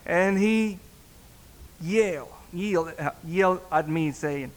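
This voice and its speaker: A man, a pastor, telling a story in a sermon, halting and repeating words as he acts out the dialogue. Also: high voice. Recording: long reverb in a hall.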